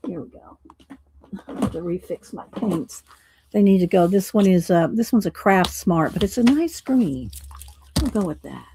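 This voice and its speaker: A woman's voice: fairly low pitch, warm tone, a little hiss or hum, low-quality recording. Chatty woman thinking aloud. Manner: thinks aloud, chatty, picks and names paint colors; reads viewer chat aloud. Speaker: art streamer. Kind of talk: casual live-stream craft demo.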